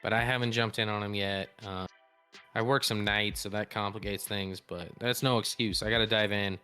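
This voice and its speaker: A man's voice: fairly low pitch, fairly even intonation, moderate pace, sharp tone, clear, resonant tone, soft background music. A man co-hosting a sports chat, telling stories in a chatty, laid-back way. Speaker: co-host.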